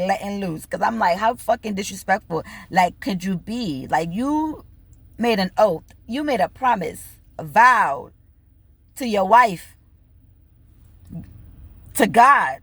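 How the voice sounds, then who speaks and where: A woman telling a story in a casual rant, animated and bubbly, swearing freely and acting out both sides of conversations, laughing now and then. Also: medium pitch, slightly rough, no echo. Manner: bubbly, laughs between lines. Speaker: vlogger.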